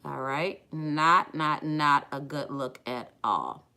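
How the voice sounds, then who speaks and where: Middle-aged woman chatting thru a live makeup tutorial, bright forceful voice, kinda low. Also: takes it slowly. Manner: chatty, addresses viewers as y'all and ladies. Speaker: makeup brand owner streaming a tutorial.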